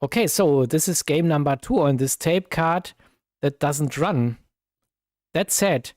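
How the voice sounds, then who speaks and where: A man with a German accent, chatting slowly while he plays old computer games on a live stream, full of fillers and sudden cries at the game. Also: on the high side, animated, darkish tone, no room sound, studio quality. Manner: slow, thinking aloud with many fillers, bursts of exclaiming at the game. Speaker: retro gaming streamer. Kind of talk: casual live-stream commentary.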